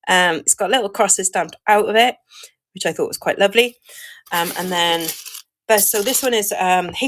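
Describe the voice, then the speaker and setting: A woman's voice: on the low side, a little slow, pauses often, a bit bright. A woman from Wales with a Welsh accent, chatting casually while selling jewellery on a live stream and greeting viewers.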